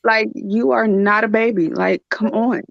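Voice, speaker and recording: A woman in her thirties hosting a casual podcast chat, blunt and animated, laughing as she tells stories. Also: a little high, measured pace, creaky, no echo. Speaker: channel host. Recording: dull lo-fi dry sound.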